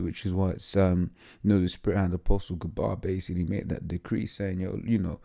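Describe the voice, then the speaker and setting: A man with a low, gravelly, dark voice delivers an informal scripture teaching. He talks haltingly, leaning on fillers and tag questions, and stumbles when he reads text aloud. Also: flat delivery. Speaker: lay preacher.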